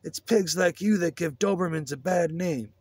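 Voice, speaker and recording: A man voicing a crude, burned-out male drifter who is laid-back and profane, with a higher, loose drawl. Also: lively intonation, moderate pace, dry recording, natural voice. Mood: yelling.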